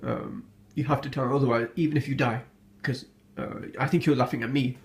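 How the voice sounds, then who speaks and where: A man's voice: medium pitch, steady tone, fairly quick, gravelly, lightly acted. A man voicing a farmer's wife who keeps insisting her husband tell her his secret. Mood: insistent. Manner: insistent, pushy.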